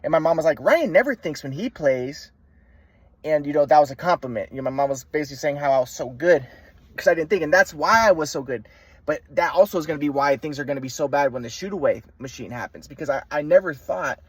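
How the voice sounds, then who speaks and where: Here a man's fairly high voice moves fast as he rambles through a youthful memory, showing off moves and repeatedly restarting himself. No room sound comes through, but background noise is clear.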